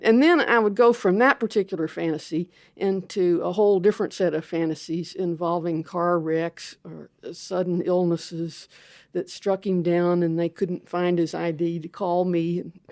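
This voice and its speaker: A woman's voice: lowish voice, a little mellow, no echo, studio quality. An older woman, a theologian, telling a candid, self-mocking story as an interview guest.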